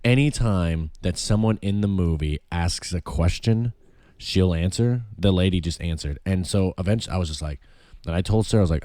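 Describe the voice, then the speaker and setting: A man's voice: low voice, fairly quick, dark tone, no room sound, clean studio sound. A young man, swearing freely and telling blunt stories in a casual podcast chat. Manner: profane, blunt storyteller. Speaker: podcast co-host.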